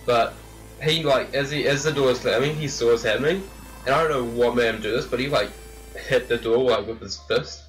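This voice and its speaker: A teenage guy tells a story in a loose, rambling way, packing his talk with "like" and restarts. His voice sits at an ordinary pitch for a man. He is a bit far from the mic, with faint music underneath. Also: brisk, fairly bright tone. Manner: rambling, full of "like" fillers. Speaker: vlogger. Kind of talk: casual storytelling.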